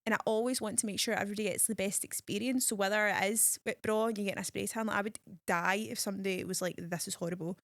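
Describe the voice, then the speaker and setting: A woman hosting a podcast while being interviewed, chatting casually and telling stories in lively slang. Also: medium pitch, fast talker, few pauses, no echo, studio quality. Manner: chatty, animated storytelling with slang. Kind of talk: casual chat.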